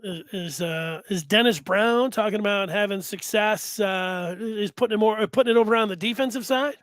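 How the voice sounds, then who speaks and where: Give me an animated male sports talk host with a very high voice, recorded dry and close. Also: normal speed, no room sound. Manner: animated, acts out fans and announcers.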